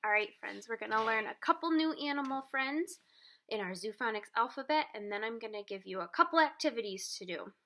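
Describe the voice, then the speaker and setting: A woman who teaches preschool, reading a picture book aloud and then walking young children through letters in a gentle, encouraging, sing-song way. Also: a little high, expressive, a little fast.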